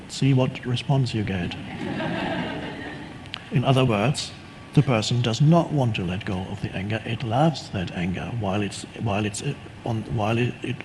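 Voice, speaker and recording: A man giving a calm, unhurried spiritual teaching talk, reflective and often restarting his sentences. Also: medium pitch, a little hiss or hum, low-quality recording.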